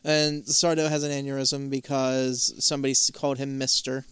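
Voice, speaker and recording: A man's voice: medium pitch, level tone, normal speed, a bit bright, clean tone, dry recording. A man co-hosting a podcast, casually retelling a TV episode's plot with wry, crude jokes. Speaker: podcast co-host. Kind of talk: casual chat recapping a TV episode.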